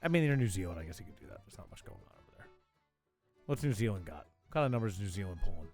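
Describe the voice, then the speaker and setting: A man's voice: sits low, sing-song, racing, darkish tone, faint music behind. A man hosting a live call-in talk show, riffing on news headlines with sarcastic, profane, mocking asides. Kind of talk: casual comedic news riff.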